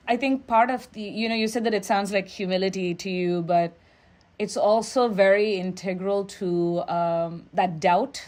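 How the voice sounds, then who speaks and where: A woman's voice: mid-range voice, a little mellow. Reflective woman musician talking as a guest. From Nigeria. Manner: reflective, storytelling, quoting others in quick asides. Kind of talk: interview conversation.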